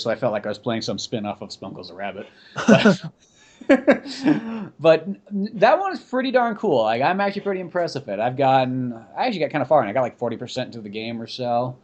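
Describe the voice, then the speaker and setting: A man hosting a podcast, chatting casually in a rambling, animated way full of "like". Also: medium pitch. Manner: rambling, animated, heavy use of "like". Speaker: podcast host. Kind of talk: casual chat.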